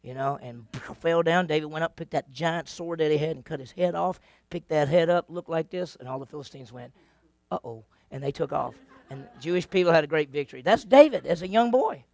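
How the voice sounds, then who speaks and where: A man's voice: a little high, a little fast, creaky, few pauses, no echo. A man teaching a Bible lesson to a class, telling the stories with energy, quizzing his listeners and acting out the voices. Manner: animated storyteller, asks the class questions, acts out voices.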